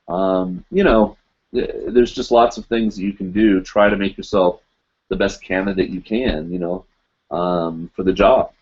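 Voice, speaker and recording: Low-voiced man rambling on a live stream. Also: fairly even intonation, measured pace, darkish tone, lo-fi sound. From United States. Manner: rambling, with many fillers. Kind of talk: casual live-stream chat.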